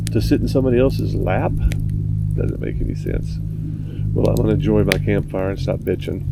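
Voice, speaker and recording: A gruff man talks to his camera at a mountain campsite, rambling and blunt. His voice is gravelly and low, with a dark, mellow tone. Faint outdoor noise hums behind him. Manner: rambling, gruff, blunt, grumbling about neighbors. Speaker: motorcycle vlogger. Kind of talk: casual vlog monologue.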